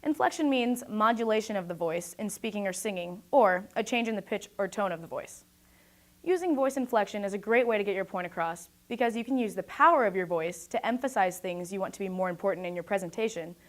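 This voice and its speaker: A young woman giving a scripted talk about presentation skills, speaking in a clear, projected and deliberate way. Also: medium pitch.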